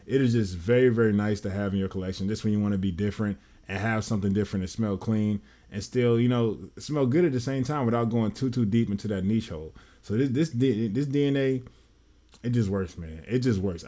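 A man's voice: lowish voice, brisk, mellow. A man giving a casual, enthusiastic fragrance review that rambles and often says "man" and "y'all.".

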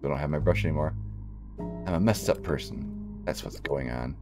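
A man reading the lines of a withdrawn, anxious young female painter from a game, in a low, subdued way. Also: normal speed, music in the background. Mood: despairing.

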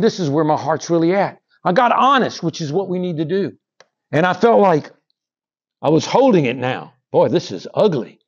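A middle-aged male preacher delivers a sermon in an animated way, climbing high and dropping low in pitch and calling out to the congregation. His voice sits a little high for a man. The sound is dull and lo-fi, as from a church recording. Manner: animated preaching, rises and drops in pitch, asks the congregation "Amen?". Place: church sanctuary.

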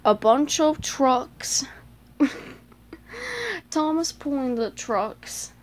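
Speaking extremely slowly in a high-sitting voice, this woman pages through a picture book she's a fan of. Her casual commentary is chatty, peppered with "like," little gasps and playful voices.

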